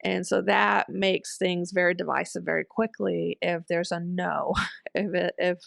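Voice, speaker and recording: Gravelly-voiced woman chatting in a dry room. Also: fairly low pitch, level tone, measured pace, fairly bright tone, dry recording. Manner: chatty and thoughtful, with frequent ums and little laughs. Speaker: homeschool commentary host. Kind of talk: casual commentary reading and discussing an online post.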